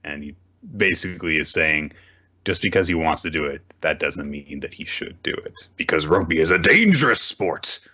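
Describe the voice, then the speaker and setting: A man's voice: very deep voice, animated, normal speed, bright, forceful tone, breathy edge, lo-fi sound. A man hosting a podcast, chatting casually and acting out characters' lines as he recaps. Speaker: podcast host. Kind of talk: casual chat, recapping manga.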